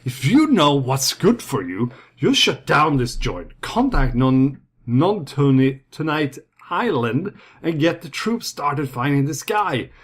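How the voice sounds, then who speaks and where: A man voicing a dorky male secret agent who talks loudly and threatens. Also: a little high, lively intonation, measured pace, few pauses. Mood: threatening.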